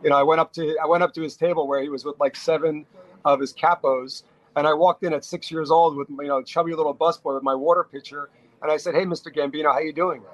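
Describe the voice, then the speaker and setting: A middle-aged man from New York spins stories as a podcast guest. His voice sits a little high for a man, and he talks in animated bursts, often restarting his sentences. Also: fast talker, dry recording, rough recording. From New York, USA. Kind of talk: casual storytelling interview.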